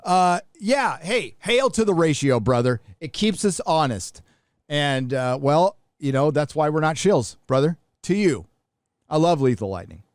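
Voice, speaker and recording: A man's voice: fairly high pitch, big pitch swings, measured pace, no echo, clean studio sound. A middle-aged man from the United States hosting a live show, talking bluntly and casually with profanity and frequent restarts. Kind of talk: casual livestream commentary.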